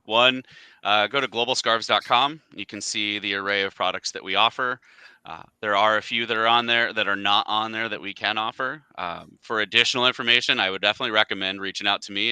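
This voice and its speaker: A man talking over a video call in a relaxed, chatty way, laughing easily as he goes. His voice is very bright and crisp, and the sound is dry and close. He sits a touch low in pitch. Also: no room sound. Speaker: guest, scarf company representative. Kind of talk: casual video call chat.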